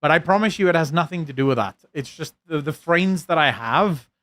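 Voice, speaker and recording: A South African man streaming and reading his chat aloud. His voice sits a touch high, and his accent leans American. He rambles in a loose, self-mocking way, full of ums and restarts. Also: lively intonation, a little fast, a bit bright, no echo. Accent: South African with an American-leaning lilt. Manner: rambling, self-deprecating, many fillers and restarts. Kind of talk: casual live-stream chat.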